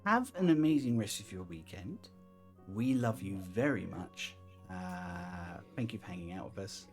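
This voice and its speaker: Chatty man with a lively voice. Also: low voice, unhurried, soft background music. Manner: chatty, laughing, trailing off into ums. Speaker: host. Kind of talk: casual outro chat with plugs.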